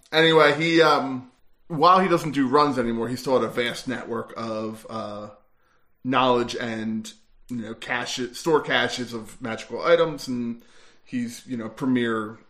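A man's voice: mid-range voice, fairly bright tone. A man playing a tabletop game, describing his character's moves in a meandering way full of fillers. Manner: meandering, filler-heavy, chuckling. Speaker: player. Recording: roomy echo.

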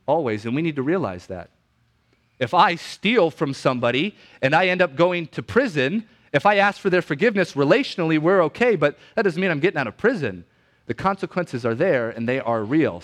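Man preaching a teaching sermon. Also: on the high side. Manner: teaching, repeats definitions slowly for note-taking; conversational, asks the crowd "right?" and "okay?". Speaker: pastor.

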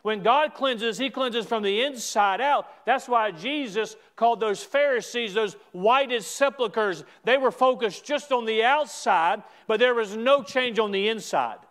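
A man preaching a sermon as a pastor, emphatic, with repeated restarts and stretches where he rises to a shout. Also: very high voice, unhurried, hardly any pauses.

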